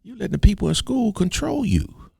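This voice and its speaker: Brief: man voicing a wise old grandfather, high squeaky scold, dry close sound. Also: wildly swooping pitch, fairly quick, gravelly, a little mellow, slightly rough, no room sound, full character voice. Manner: high strained squeaky put-on voice.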